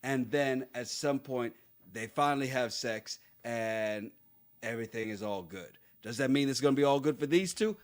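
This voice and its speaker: Male podcast co-host, mid-pitched and conversational, with emphatic repeats. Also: normal speed. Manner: talks things through, restarts, emphatic no-no-nos. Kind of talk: casual chat.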